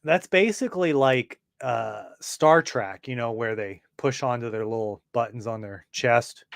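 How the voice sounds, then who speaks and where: A man's voice: mid-range voice, a little slow, gravelly, no room sound, clean studio sound. A man reading a comic book aloud in a casual way, adding fillers and side comments.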